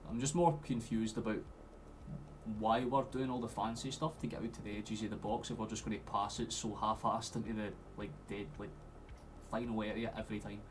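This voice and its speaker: A man's voice: on the low side, flat delivery, fairly quick, background noise. Sweary Scottish man at a watchalong. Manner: swears freely, flares into loud outbursts at play. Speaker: streamer doing a football watchalong. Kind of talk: live match commentary to chat.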